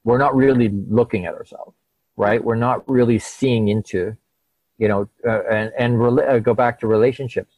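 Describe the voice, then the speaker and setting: A man's voice: medium pitch, normal speed, no echo, lo-fi sound. A middle-aged man, a guest, telling a personal story in conversation and acting out the voices of the people in it. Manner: animated, acts out quoted dialogue.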